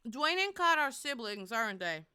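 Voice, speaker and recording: A woman's voice: fairly high pitch, big pitch swings, normal speed, sharp tone, smooth. A young woman streaming, chatting casually and rambling to her viewers. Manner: chatty and rambling, talks to chat. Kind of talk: casual live-stream chat.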